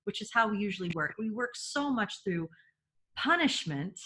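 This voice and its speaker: A woman's voice: medium pitch, lively intonation, normal speed, pushed and bright, a little hiss or hum. A woman, a mother, explaining parenting steps on a video call in a chatty way, often correcting herself mid-sentence. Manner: chatty, self-correcting, many fillers. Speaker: parent guest. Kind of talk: casual webinar chat.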